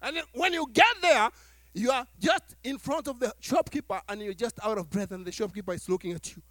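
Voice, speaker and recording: Man, pastor, sermon, high voice, dry close sound, animated storytelling. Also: a little fast, no room sound. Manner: animated preaching with acted-out dialogue and laughs. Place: church.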